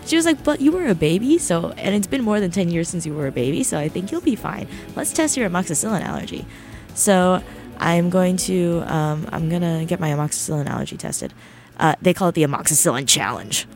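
A woman's voice: fairly low pitch, lively intonation, fairly quick. A young woman from New Jersey, hosting a radio show and telling a rambling, self-deprecating story in casual chat. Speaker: radio host. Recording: faint music behind. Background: soft background music.

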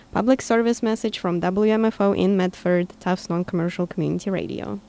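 Woman, mid-pitched voice, college radio DJ, reads a station announcement, casual between songs, studio mic. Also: fairly even intonation, fairly quick, few pauses, dark tone. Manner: reads smoothly, then chats with "um" fillers. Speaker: community radio DJ. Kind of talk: reading a public service announcement and introducing songs.

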